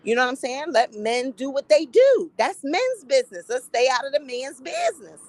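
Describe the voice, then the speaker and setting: High-voiced woman dishing blunt commentary. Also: normal speed, dry recording, low-quality recording. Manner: blunt, profane, animated gossip talk. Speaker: commentary vlogger. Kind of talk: casual opinion commentary.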